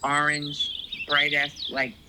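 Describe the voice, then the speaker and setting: A woman in casual chat, reminiscing slowly and trailing off. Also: low voice, monotone, heavy background noise.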